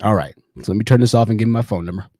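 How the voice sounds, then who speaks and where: A young man hosts a laid-back livestream, talking fast and chatting directly to his viewers, often repeating a phrase for emphasis. His voice is mellow, rather dark, and fairly low in pitch. The sound is dry and close, with no room sound.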